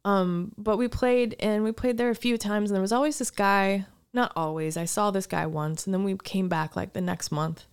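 A woman's voice: medium pitch, steady tone, normal speed, hardly any pauses, clean tone. Rambling woman telling a road story. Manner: rambling storyteller, many restarts and gasps. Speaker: podcast guest, musician. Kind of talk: casual chat.

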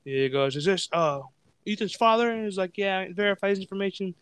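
A man's voice: high voice, fast, smooth, no room sound. A young man telling a story in casual chat, swearing often, laughing, and acting out what others said. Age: young adult.

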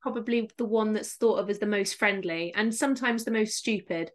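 A young woman from Somerset with a Somerset English accent, a guest in a casual interview, friendly and quick to laugh. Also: mid-range voice. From Somerset, England. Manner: friendly, laughing, self-deprecating humor. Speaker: guest, writer.

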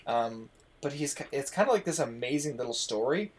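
A man's voice: medium pitch, lively intonation, brisk, slight background noise. A man hosting a casual podcast chat, talking enthusiastically and rambling with lots of asides. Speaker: podcast host.

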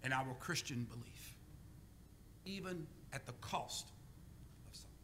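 A man preaching a sermon, telling stories with deliberate pauses and calling for amens. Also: medium pitch, lively intonation, noisy background. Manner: call-and-response, deliberate pauses. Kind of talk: sermon with storytelling.

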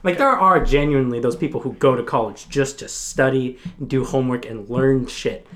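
A man's voice: medium pitch, moderate pace, a bit bright, slight background noise. A young college man in casual chat, earnestly explaining his point with lots of fillers. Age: young adult. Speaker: college student.

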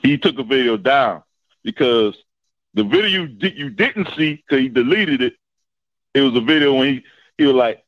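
A man's voice: medium pitch, animated, normal speed, no room sound, highs cut off. A man calling into a sports show, bantering and playfully acting offended. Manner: playful, mock-offended, talks back. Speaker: caller. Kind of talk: casual phone-in banter.

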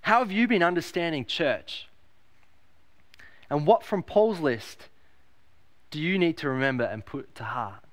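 A man preaching with emphasis, his voice sitting a little higher than most men's. He repeats key phrases and asks the congregation rhetorical questions, lifting his voice on quoted lines. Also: expressive, measured pace, pauses often, fairly bright tone. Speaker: pastor. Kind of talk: sermon.

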